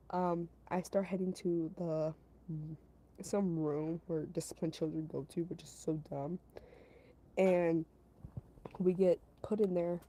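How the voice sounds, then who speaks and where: Rambling, mellow-voiced woman telling a story. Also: fairly low pitch, slight background noise, rough recording. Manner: rambling, filler-heavy, repeats herself, giggles; talks to her chat between story parts. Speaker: storytelling streamer. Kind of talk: casual storytime chat.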